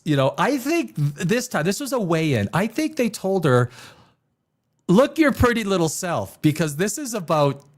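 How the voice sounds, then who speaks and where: Animated, rambling man hosting a livestream. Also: a little high. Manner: rambling, joking, laughs often. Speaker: livestream host. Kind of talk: casual livestream chat.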